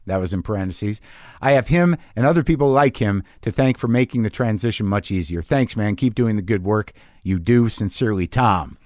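A man's voice: fairly low pitch, animated, a little fast, a little mellow, no room sound, clean studio sound. A man hosting a podcast, reading listener emails aloud and riffing on them in a wry, profane, rambling way. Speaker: podcast host.

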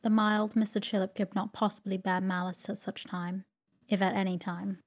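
A woman narrating a classic novel as a sleep story, in a slow, even and soothing manner. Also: medium pitch. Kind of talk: calm sleep story reading.

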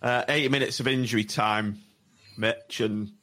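A man's voice: medium pitch, steady tone, moderate pace, sharp tone. A man hosting a casual football podcast, steering the chat and bluntly disagreeing. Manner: steers the talk, blunt and contrary. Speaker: podcast host.

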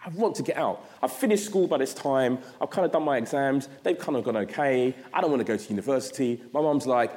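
A man from South London with a London accent, giving an address as a guest speaker. He tells his story in an animated way and acts out his own past thoughts. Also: mid-range voice, fast talker, few pauses. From South London, England. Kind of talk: storytelling talk. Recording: long reverb of a large hall.

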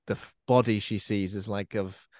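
A man's voice: lowish voice, steady tone, moderate pace, a little mellow, no echo, clean studio sound. A man hosting a podcast, talking casually about a horror film and often ending on tag questions. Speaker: podcast host.

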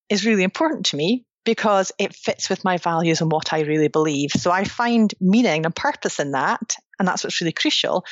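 A woman's voice: fairly low pitch, no echo. A woman, a psychologist and author, explaining ideas earnestly in a conversational interview, often restarting her sentences. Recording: dry, dull lo-fi sound.

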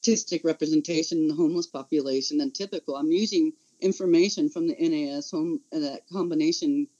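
A man who works as an autistic advocate, talking in earnest, impassioned and halting casual conversation. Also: fairly high pitch, darkish tone, dull audio. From Central California.

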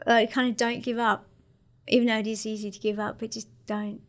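Australian woman, 30s, interview guest; casual, slangy, higher voice. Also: little pitch movement, a little fast. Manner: laid-back, slangy, many fillers. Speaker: interview guest, para-surfer.

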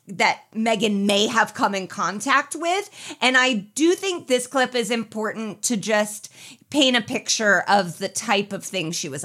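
A woman's voice: a little high, fairly bright tone. A woman co-hosting a podcast, chatting casually as she recaps a film. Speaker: podcast co-host. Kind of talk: casual chat.

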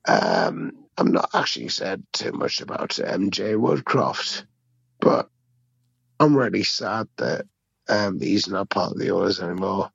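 Hoarse English man on a voicemail. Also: sits low, sing-song, a little slow, no echo, highs cut off. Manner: emotional, swearing fan. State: hoarse, lost voice. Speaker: voicemail caller.

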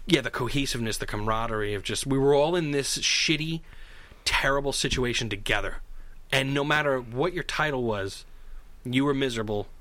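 A man's voice: mid-range voice, brisk, dry recording. A man co-hosting a casual chat, telling stories with energy and acting out other people's voices. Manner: animated storyteller, acts out shouting voices.

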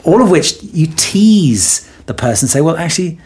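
Male guest for an interview, husky voice, playful teasing storyteller. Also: fairly high pitch, big pitch swings, normal speed, hardly any pauses, a little mellow. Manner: playful, teasing storyteller who acts out quotes. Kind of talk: conversational podcast interview.

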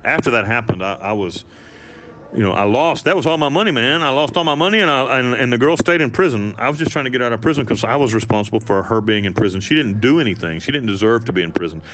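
A man telling his own story in an interview, blunt and profane, with animated delivery. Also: medium pitch, fast talker, faint music behind. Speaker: interviewee, former prisoner.

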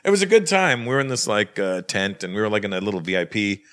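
A man from Canada, a guest comedian in a casual podcast chat, telling crude stories in an animated way and teasing the others with frequent laughter. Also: lowish voice, fast.

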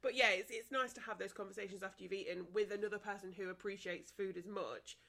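A young woman co-hosting a podcast, chatting with quick asides and frequent laughter. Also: medium pitch, fairly even intonation, gravelly, bright, forceful tone. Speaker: podcast co-host. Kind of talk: casual chat.

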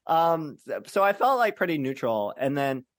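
Young male podcast co-host. Halting, filler-heavy storyteller, dry close sound. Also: on the high side, very animated, no room sound. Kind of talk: personal storytelling in casual chat.

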